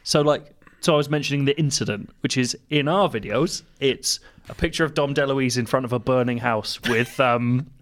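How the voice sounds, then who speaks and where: A man's voice: mid-range voice, normal speed, few pauses. A man co-hosting a podcast, telling stories with frequent laughter in casual chat. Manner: laughing, animated storytelling. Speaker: podcast co-host.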